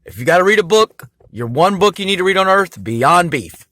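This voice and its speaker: A man's voice: high-pitched, sing-song, fairly quick, bright, forceful tone, no room sound, studio quality. A man talking straight to camera in a rambling monologue, full of fillers and restarts.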